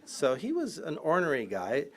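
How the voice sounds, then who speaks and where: With crowd noise around him, a man whose voice sits on the high side gives a funny, anecdote-packed public lecture at normal speed. He's a college professor, and his lively, irreverent delivery often breaks into laughter and offbeat asides.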